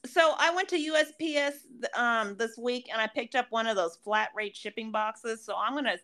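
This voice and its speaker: A woman co-hosts a casual podcast, talking bluntly and swearing freely as she jumps in with quick comebacks. Her voice is high and bright. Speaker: podcast co-host. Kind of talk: casual profane chat.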